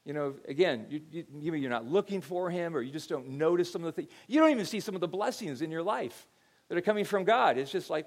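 Conversational middle-aged male pastor, higher voice. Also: expressive, quick pace. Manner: conversational storytelling, frequent repeated words. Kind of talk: sermon.

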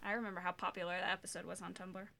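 A woman's voice: lowish voice, flat delivery, very fast, vocal fry, bright, forceful tone. A woman co-hosting a podcast, chiming in with playful quips. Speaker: podcast co-host. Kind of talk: casual recap chat.

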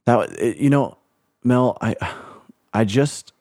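A man's voice: medium pitch, takes it slowly, a little mellow, no echo, studio quality. A man hosting a faith podcast as a pastor, talking in an earnest, reflective and emphatic way. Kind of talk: casual faith interview chat.

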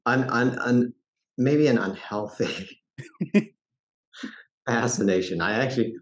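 A man from Colorado, an actor and director, telling stories in an interview with a groggy early-morning voice, halting with many restarts. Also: mid-range voice. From Fort Collins, Colorado, USA. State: early morning voice, lower than usual. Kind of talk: casual interview storytelling.

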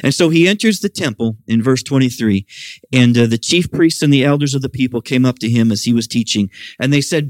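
Man preaching an animated sermon, dry sound. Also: a little fast, no echo. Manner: animated preaching, voicing quoted questions in a raised pitch. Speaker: pastor. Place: church service.

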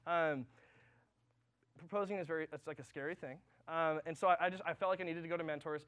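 Fast, high-voiced young man preaching. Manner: animated storytelling with many fillers. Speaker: youth pastor. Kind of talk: sermon with personal stories.

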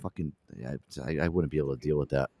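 A man's voice: extremely low pitch, steady tone, quick pace, dark tone, no echo, clean studio sound. A man hosting a podcast in casual chat, joking and teasing his co-host and swearing often.

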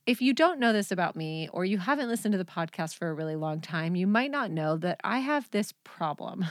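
A woman's voice: mid-range voice, no room sound, studio quality. A mother hosting a podcast, chatting casually and rambling through funny family stories, often breaking into laughter. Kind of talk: casual chat, storytelling.

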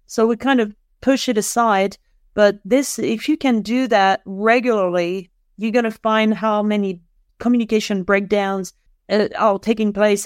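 Middle-aged woman guest, medium pitch, thoughtful explainer with many restarts, dry close-mic sound. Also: clear, resonant tone, no echo. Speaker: podcast guest, author. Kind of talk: interview conversation.

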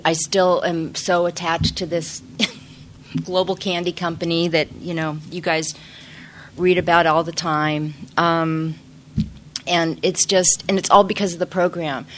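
A woman's voice: lowish voice, a bit bright. A middle-aged woman telling a personal recovery story in a chatty, self-deprecating way, full of fillers and restarts. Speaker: speaker sharing recovery story. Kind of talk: casual personal testimony.

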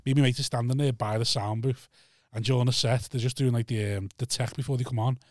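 Fast-talking man telling anecdotes. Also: medium pitch, fairly even intonation, a little mellow, no echo, clean studio sound. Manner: rambling anecdotes, swears. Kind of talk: casual chat.

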